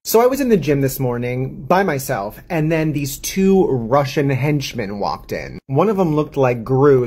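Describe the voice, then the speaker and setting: A man's voice: on the high side, a little mellow, husky, rough recording. Sassy gay man telling petty stories. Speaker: storyteller. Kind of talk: comedic storytelling.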